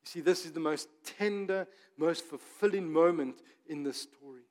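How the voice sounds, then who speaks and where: A man preaching a sermon as pastor, moving from emphatic passages to hushed, soft ones. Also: a little high, moderate pace, hardly any pauses. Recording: long reverb of a church hall.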